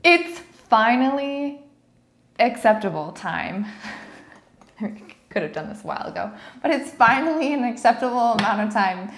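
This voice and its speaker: A woman's voice: a little high, lively intonation, normal speed, reverberant. A young adult woman chatting casually as a baking vlogger in her home kitchen, bubbly and playful. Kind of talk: casual chat.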